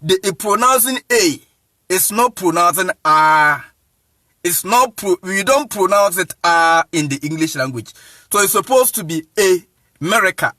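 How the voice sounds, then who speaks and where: High, bright-voiced Ghanaian man lecturing. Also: animated, a little slow, dry recording, studio quality. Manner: insistent, repeats "you see what I'm saying", chuckles often. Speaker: evangelist teaching. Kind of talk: informal lecture monologue.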